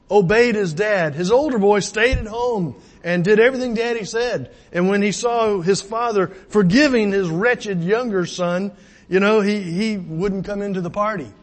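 A man preaching a sermon in an earnest, pleading way, asking many rhetorical questions and often repeating words as he restarts. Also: sits high. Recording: long hall reverb.

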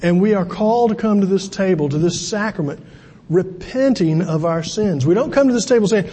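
A man's voice: sits high, brisk, warm tone, breathy edge. A man preaching a sermon as pastor, talking conversationally with asides and repeated words. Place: church sanctuary. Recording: long hall reverb.

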